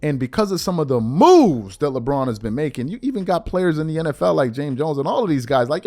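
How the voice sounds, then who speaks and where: Animated mocking male podcast host. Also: sits high, brisk, soft background music. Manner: mocking, swings between hushed and loud. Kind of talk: animated commentary monologue.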